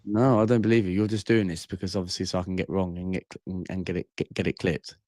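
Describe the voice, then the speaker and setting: Low-voiced blunt streamer. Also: male voice, little pitch movement, quick pace, a little mellow, no echo, clean studio sound. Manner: blunt, repeats bro and mate. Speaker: livestream host. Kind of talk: casual call-in chat.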